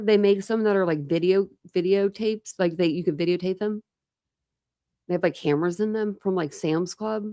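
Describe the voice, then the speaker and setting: In studio-quality audio with no echo, a woman with a mid-range, dark-toned voice hosts a true crime livestream. She chats with her viewers in a loose, rambling way, often using fillers and restarting her sentences.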